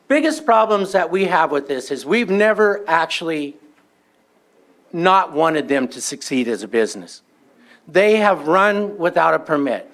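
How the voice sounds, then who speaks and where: High-voiced man airing a neighbor complaint. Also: fairly bright tone. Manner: aggrieved storytelling, acts out quoted exchanges. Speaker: neighbor giving public comment. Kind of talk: public comment at a meeting.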